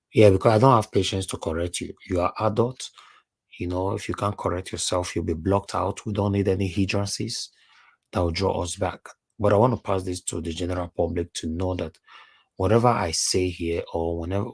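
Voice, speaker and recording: Husky deep-voiced Nigerian man. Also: darkish tone, dry recording. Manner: emphatic, repeats words, mixes in Pidgin. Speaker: live stream host and panelist. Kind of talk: heated livestream monologue.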